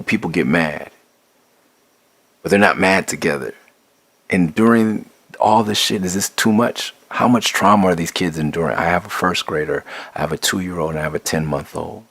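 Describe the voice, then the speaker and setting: A man's voice: deep voice, normal speed, fairly bright tone, slightly rough, no room sound. A middle-aged man giving a blunt, profane, impassioned spoken monologue, restarting and building in intensity. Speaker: rapper sharing his views.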